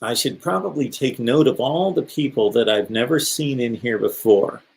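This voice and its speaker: A man's voice: medium pitch, moderate pace, gravelly. Chatty middle-aged man hosting a live call-in. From American Midwest. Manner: chatty, rambling, reads chat comments aloud. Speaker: call-in show host. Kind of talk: casual live-stream talk.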